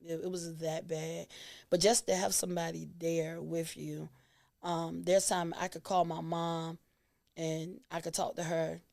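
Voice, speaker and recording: A woman's voice: lowish voice, level tone, a little slow, creaky, darkish tone. A woman, a guest on an interview show, telling stories animatedly and laughing often. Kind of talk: casual interview chat.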